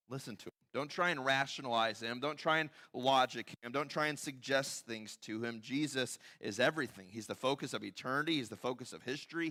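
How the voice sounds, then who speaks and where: A man preaching a sermon in a church, talking conversationally, acting out quoted voices and often dropping to quiet emphasis. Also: mid-range voice. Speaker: pastor. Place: church sanctuary.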